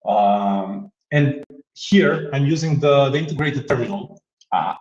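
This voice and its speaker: A man giving a casual software demo, joking and laughing often, with many restarts and fillers. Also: medium pitch, expressive, unhurried. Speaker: guest demonstrating software. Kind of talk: casual tech demo chat. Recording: roomy, slightly dull remote audio.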